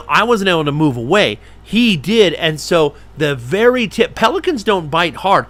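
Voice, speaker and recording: A middle-aged man spins a yarn for viewers, his fairly high voice jumping about as he plays every part himself. He talks casually and with plenty of animation. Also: pushed and bright. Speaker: falconer hosting a live stream. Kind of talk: casual storytelling.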